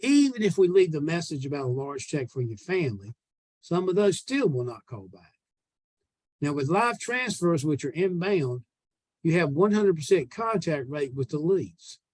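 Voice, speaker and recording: A Southern American man coaches a sales team in a plainspoken, emphatic way. His voice sits a bit high for a man. The sound is dry and close, with no room around it. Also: sing-song, moderate pace, a little mellow, no echo. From United States. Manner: plainspoken, emphatic, walks through example calls. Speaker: sales trainer.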